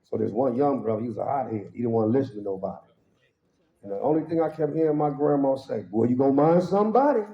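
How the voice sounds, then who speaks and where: A man's voice: fast talker, vocal fry. A man giving a humorous storytelling testimony at a church service, acting out voices and laughing along with his own punchlines. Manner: animated, acts out quoted voices with sudden high pitch jumps. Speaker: guest speaker at a worship service. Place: church hall. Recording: roomy, slightly dull hall sound.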